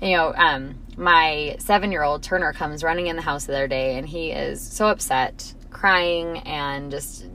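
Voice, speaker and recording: A woman's voice: deep voice, moderate pace, hardly any pauses, a little hiss or hum, poor audio. A woman in her thirties co-hosting a casual conversation, telling family stories and acting out the lines. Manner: animated storyteller, acts out quotes.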